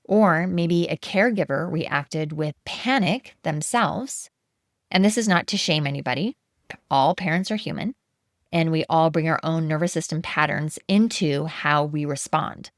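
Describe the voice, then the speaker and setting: Low-voiced calm woman podcast host. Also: dry recording, studio quality. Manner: gentle, soothing, deliberate. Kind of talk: calm reflective monologue.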